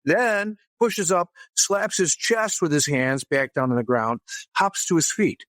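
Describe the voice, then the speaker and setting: A man's voice: fairly high pitch, unhurried, fairly bright tone, dry recording. A man as an interview guest, telling a story casually and with animation, often restarting his sentences. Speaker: guest author.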